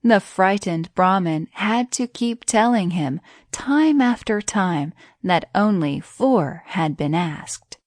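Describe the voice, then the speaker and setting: A woman narrating a bedtime story in a gentle, even reading voice. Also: on the low side, takes it slowly, dry recording, clean studio sound.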